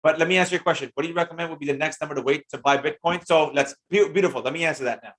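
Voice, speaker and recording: Energetic man hosting a trading stream. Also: on the high side, very fast. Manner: energetic, slangy, hypes up viewers by name. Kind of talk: live-stream Q&A reading chat comments.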